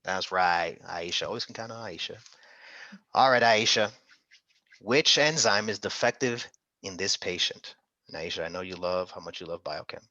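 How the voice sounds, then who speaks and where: A man's voice: low-pitched, moderate pace, bright, forceful tone, no room sound, lo-fi sound. A man tutoring an interactive online medical exam class, upbeat and coaxing, calling on students by name.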